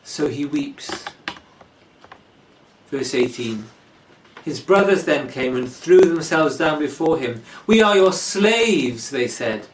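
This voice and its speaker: Male preacher, slow and deliberate, lively pitch, heard from a distance in an echoey church. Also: slight background noise. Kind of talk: sermon.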